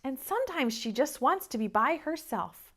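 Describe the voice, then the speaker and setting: A young adult woman, a preschool teacher, reading a picture book aloud to small children with an animated, expressive manner. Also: sits high, normal speed.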